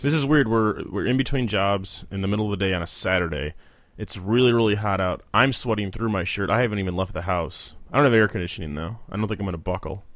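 A man's voice: lowish voice, fairly bright tone, no echo. A young man hosting a casual podcast from his small apartment, blunt and opinionated. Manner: blunt, opinionated, fast-talking. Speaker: podcast host.

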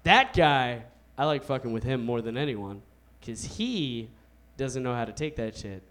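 A young man doing a stand-up comedy set on a club stage into a handheld mic, with a loose, laid-back delivery and drawn-out punchlines. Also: mid-range voice, lively intonation. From United States.

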